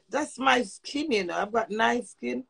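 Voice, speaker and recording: Middle-aged Jamaican woman, gravelly voice, loose crude live-stream rambling mixing patois and English. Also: fairly high pitch, bright, forceful tone. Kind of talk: casual live-stream chat. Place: home in England.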